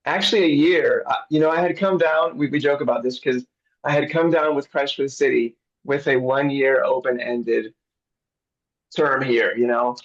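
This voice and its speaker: A man's voice: medium pitch, fairly even intonation, moderate pace, dull audio. A middle-aged man, a missionary director, chatting easygoingly in an interview over a video call. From grew up abroad as a missionary kid. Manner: easygoing, chuckles often.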